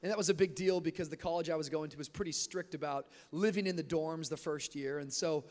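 Young male pastor, high-pitched, animated sermon storyteller in a reverberant hall. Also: fast talker. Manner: energetic storytelling, rising to shouts. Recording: long reverb of a large hall.

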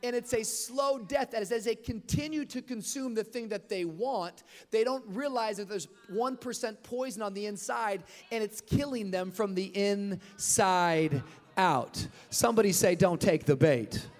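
Young male pastor, high-pitched, animated sermon storyteller in a reverberant hall. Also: unhurried. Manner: energetic storytelling, rising to shouts. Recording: long reverb of a large hall.

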